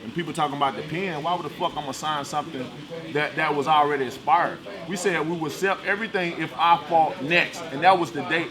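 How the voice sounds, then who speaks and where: A man's voice: fairly high pitch, quick pace, crowd noise. A man, a boxer, talking bluntly and with swearing in a casual interview. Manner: blunt, profane, animated.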